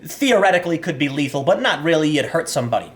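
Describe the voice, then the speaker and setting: A man talking through political commentary in a fairly high, lively voice that swings up and down as he rants. His delivery is sarcastic, and he often trips over his words, repeating them before pushing on. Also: fast. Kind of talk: casual commentary.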